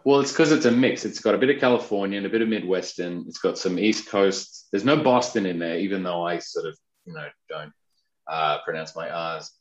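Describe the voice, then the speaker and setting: A man's voice: low voice, fairly even intonation, fairly quick, roomy sound, muffled recording. A man from Australia, a guest cartoonist, chatting casually and rambling a little in an interview.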